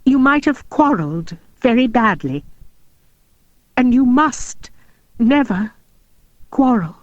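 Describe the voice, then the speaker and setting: Earnest, reproving mother, woman reader, lively lilt. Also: fairly high pitch, slow, no echo, dull audio, pitched above the performer's own voice.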